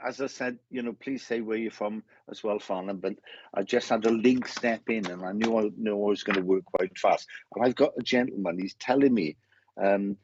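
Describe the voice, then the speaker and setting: A man's voice: on the low side, highs cut off, a little hiss or hum. A middle-aged Welsh man with a Welsh accent, chatting as a medium, greeting viewers by name and relaying messages. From Wales. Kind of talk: live-stream greetings and mediumship reading.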